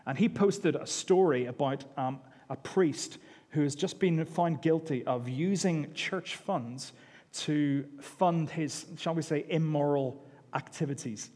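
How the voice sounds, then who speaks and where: A man's voice: on the high side, slow, warm tone. A man preaching a sermon in a conversational, self-deprecating way, often repeating his words. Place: church hall. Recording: long echo of a large hall.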